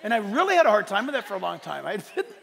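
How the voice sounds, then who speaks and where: A man preaching a sermon as pastor, animated and conversational, telling stories with bursts of shouting. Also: high voice, fast, gravelly, some chatter behind. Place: church sanctuary. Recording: long reverb of a church sanctuary.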